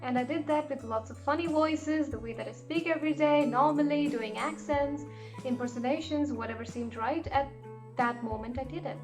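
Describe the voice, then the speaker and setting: Woman vlogger, high voice, friendly and rambling, talks to the viewer like a pal. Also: moderate pace, music in the background. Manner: chatty and encouraging, with lots of fillers and asides. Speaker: vlogger giving advice. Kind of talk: casual advice chat to camera.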